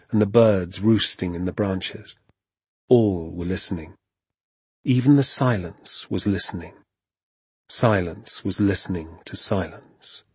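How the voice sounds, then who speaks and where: A man narrating a storybook in a hushed, suspenseful manner. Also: fairly low pitch, husky, no room sound.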